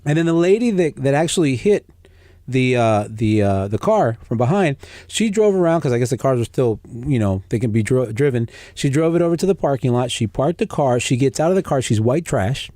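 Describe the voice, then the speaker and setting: A man's voice: medium pitch, brisk, no room sound, studio quality. A man on a podcast, telling stories in casual chat and acting out the people he quotes. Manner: animated storyteller, acts out quoted voices. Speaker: podcast guest.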